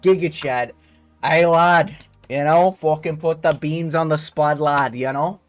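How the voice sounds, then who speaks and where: Rambling man, slangy, a bit high. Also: a little slow, soft background music. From Canada. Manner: rambling, profane, slangy, keeps tagging "okay?". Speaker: MMA fight analyst. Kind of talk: casual fight breakdown commentary.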